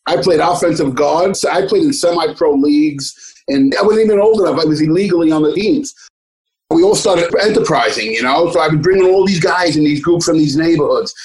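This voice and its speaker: A man's voice: a little high, brisk, darkish tone, poor audio. A middle-aged man from the Bronx with a New York accent, telling rambling, swear-laden stories as an interview guest. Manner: rambling, streetwise, swears freely, acts out others' voices. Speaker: actor, guest. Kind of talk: casual storytelling interview.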